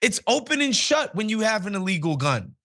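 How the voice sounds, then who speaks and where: A man with a high voice for his sex delivers blunt, indignant commentary on the news. He talks plainly and with scorn, pressing his point hard. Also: very animated, fairly quick, bright, forceful tone.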